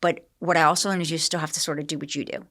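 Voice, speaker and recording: Middle aged woman guest on a podcast, lowish voice, tells stories and acts out quotes. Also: racing. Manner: animated storyteller, acts out quotes. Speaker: podcast guest, celebrity groomer. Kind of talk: casual interview storytelling.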